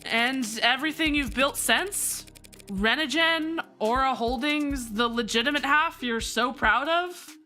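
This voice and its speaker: A probing interviewer from a story game, read by a woman, asking pointed questions in a plain manner. The voice is high and bright, with faint music underneath. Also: measured pace.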